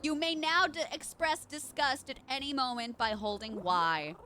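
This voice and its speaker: A woman voicing a lazy, pompous cat mayor who speaks in slow, lofty, drowsy proclamations. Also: high voice, sharp tone.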